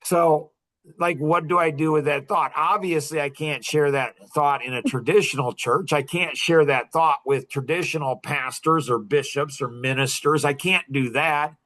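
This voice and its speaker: A man's voice: fairly high pitch, moderate pace, fairly bright tone. A man in his sixties telling a personal story in a rambling, self-interrupting way, laughing now and then. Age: 60s. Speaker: podcast guest. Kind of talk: casual storytelling.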